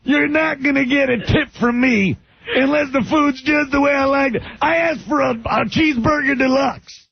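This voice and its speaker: A man impersonating a loud, cranky TV pitchman who barks complaints at a diner waitress. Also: steady tone. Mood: shouting. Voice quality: gravelly, shouting. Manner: barking complaints, rapid rant. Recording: dull lo-fi radio recording.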